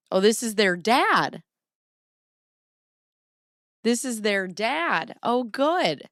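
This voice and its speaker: A woman's voice: on the low side, fairly bright tone, clear, resonant tone, no room sound, clean studio sound. A woman hosting a casual live reaction stream, chatty and profane, rambling through stories and laughing often. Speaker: live-streaming commentary host.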